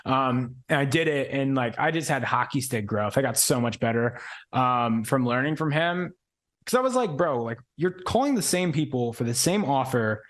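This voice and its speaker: A man's voice: mid-range voice, lively intonation, normal speed, fairly bright tone. A man in his twenties, a podcast guest telling a story in loose, slangy casual chat full of "like" and "bro". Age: 20s.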